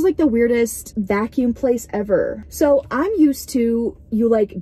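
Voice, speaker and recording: A young woman with a warm, medium-pitched voice talks casually to her vlog camera from inside her parked car. Rambling and giggly, she's easily startled.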